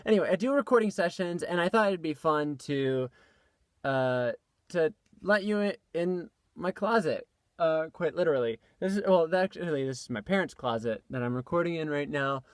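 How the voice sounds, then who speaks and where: A young voice actor's slightly high, animated voice comes through at normal speed with studio quality and no room sound. He's vlogging from a small closet stuffed with clothes on his tablet's built-in mic, chatting casually and self-deprecatingly about his session with plenty of fillers and restarts.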